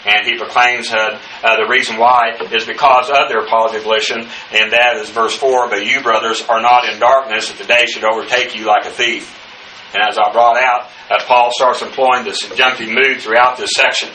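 A man teaching the Bible verse by verse, speaking haltingly with many fillers and spelling out Greek words letter by letter. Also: mid-range voice, flat delivery, bright, forceful tone. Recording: echoey room, distant mic, faint noise.

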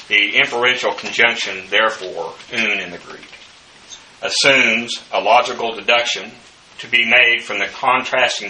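A man's voice: fairly low pitch, pushed and bright. A man teaching a verse-by-verse Bible study, spelling out Greek words letter by letter with many fillers. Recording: echoey room, voice from a distance, faint hiss.

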